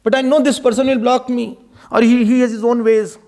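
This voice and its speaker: A man's voice: extremely high pitch, level tone, a little fast, dark tone. A man giving an impassioned devotional discourse as a spiritual teacher, pleading and exhorting his listeners. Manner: impassioned, mixing in Hindi verses and pleading cries.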